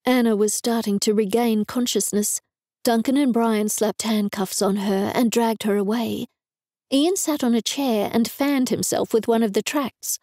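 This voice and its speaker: A woman's voice: on the high side, fairly even intonation, a little slow, warm tone, dry recording. A woman reading a first-person novel aloud in a dry, wry manner, recorded close to a studio mic. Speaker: audiobook narrator. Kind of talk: scripted narration.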